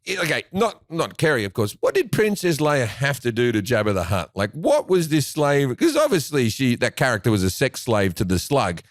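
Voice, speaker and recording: A man's voice: medium pitch, huge pitch swings, normal speed, hardly any pauses, dry recording, clean studio sound. A man, a comedian guest, telling crude anecdotes in casual chat, often restarting his phrases. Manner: profane storyteller, restarts phrases, acts out quoted voices.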